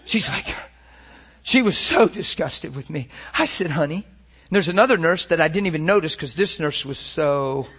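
A man's voice: fairly high pitch, lively intonation, normal speed, a bit bright, slightly rough. A man telling a personal story dramatically, acting out the voices and laughing through it. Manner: dramatic, acts out every voice, laughs through lines. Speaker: storyteller giving a testimony.

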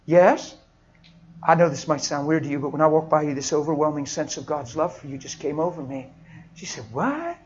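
High-pitched guy preaching, storytelling, goes quiet then loud and laughing, kinda muffled audio. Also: fairly quick, a little hiss or hum. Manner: animated, swings from hushed to loud laughing shouts. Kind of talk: sermon with storytelling.

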